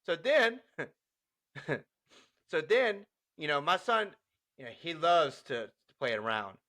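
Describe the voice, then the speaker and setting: A man's voice: fairly high pitch, takes it slowly. A young adult man co-hosting a podcast, casually telling funny stories about his son, acting out the dialogue and laughing often. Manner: animated, laughing, acts out dialogue. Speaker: podcast co-host. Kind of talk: casual storytelling chat.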